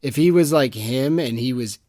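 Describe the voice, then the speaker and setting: A man's voice: mid-range voice, moderate pace, dark tone, dry recording, studio quality. A man co-hosting a book podcast in casual chat, ranting with exasperated sarcasm. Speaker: podcast co-host.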